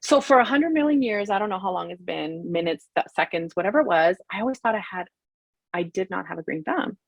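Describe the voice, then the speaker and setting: Husky woman chatting, animated storyteller, acts out other people's lines, dry close sound. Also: fairly quick, dry recording. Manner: animated, acts out quoted voices with big pitch jumps. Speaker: guest, therapist and life coach. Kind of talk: casual storytelling chat.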